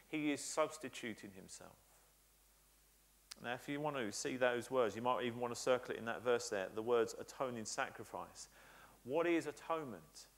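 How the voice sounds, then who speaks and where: A man preaches a church sermon in a mid-pitched voice. He talks earnestly and emphatically, stacking up repeated phrases to drive each point home. Frequent "uh" fillers break up his sentences. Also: expressive, moderate pace, gravelly. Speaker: pastor.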